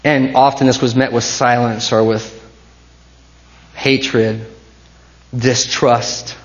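A man preaching a sermon as pastor, swinging between hushed intensity and rising passion. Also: medium pitch, level tone, slow, muffled recording.

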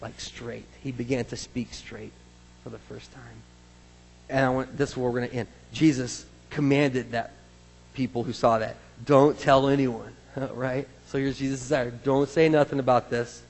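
A male pastor delivers a sermon in a casual, animated way, moving from loud excited bursts to soft, hushed asides. His voice sits a little higher than most men's. A long reverb trails every phrase, as in a large hall.

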